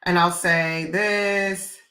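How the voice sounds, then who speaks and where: Brief: upbeat woman webinar presenter, bright forceful voice, direct and conversational, echoey room. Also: lowish voice, extremely slow. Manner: direct, energetic, conversational with "y'all" and "right?". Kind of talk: live webinar demo.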